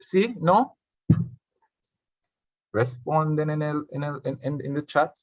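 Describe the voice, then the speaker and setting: A man's voice: a little high, slow, no echo, dull audio. A man with a Jamaican accent tutoring an online Spanish revision class, switching between English and Spanish and quizzing his students.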